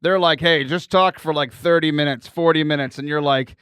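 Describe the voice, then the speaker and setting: A man hosting a podcast with casual, teasing banter and deadpan jokes. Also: a little high, brisk, few pauses, smooth, no room sound. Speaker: podcast host.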